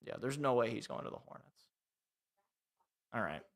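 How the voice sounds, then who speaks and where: A man's voice: medium pitch, lively intonation, moderate pace. A young man hosting a live sports podcast alone, ranting in an exasperated, sarcastic way.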